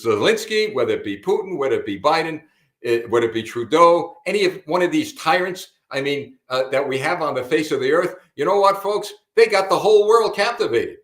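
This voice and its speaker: A man's voice: a little high, lively intonation, brisk, fairly bright tone. An older man hosting a political commentary broadcast, emphatic and repetitive, often calling listeners folks. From United States. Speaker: host. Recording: roomy echo.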